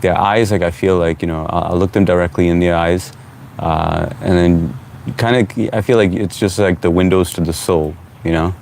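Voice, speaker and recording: Speaking in a low voice, this man hosts an easygoing stream from his home. He reads comments aloud, greets every viewer by name, and keeps things casual and conversational while a faint hum of background noise lingers.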